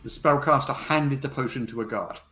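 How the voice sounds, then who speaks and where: A man narrating as game master of a tabletop role-playing game in an easygoing, relaxed way. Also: mid-range voice, normal speed, faint music behind.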